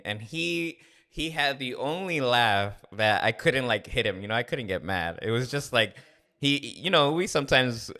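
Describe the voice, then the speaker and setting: A middle-aged man hosts a casual podcast, his voice bright and forward. He tells stories loosely, with plenty of "uh" and "like" between the beats, and his tone stays smooth and resonant. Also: medium pitch. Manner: rambling, filler-heavy storytelling. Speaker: podcast host. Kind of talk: casual storytelling chat.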